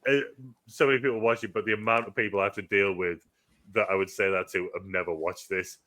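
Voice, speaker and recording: A man's voice: low-pitched, steady tone, fast talker, sharp tone. A man co-hosting a casual film review chat, talking in a laid-back, rambling way with casual swearing. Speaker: film review podcast co-host.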